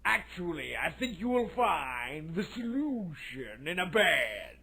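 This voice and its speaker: A slow, drawn-out cartoon wizard, voiced by a man. He talks in a soft, gravelly, breathy tone and lets each cryptic line hang in the air. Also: a little high, sing-song, heavily acted. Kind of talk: animated web cartoon voice acting.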